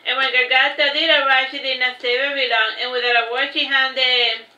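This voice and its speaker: Casting note: high, very bright woman reading her own story aloud, casual and unpolished. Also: flat delivery, moderate pace, roomy sound, highs cut off. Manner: unpolished reading with restarts and asides. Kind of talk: reading aloud a fantasy novel.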